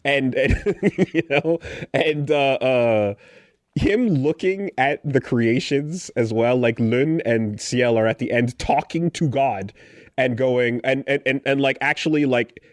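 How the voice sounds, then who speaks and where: A man co-hosting a casual podcast discussion, animated and sarcastic, often restarting his sentences. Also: mid-range voice, slow pace, no echo. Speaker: podcast co-host.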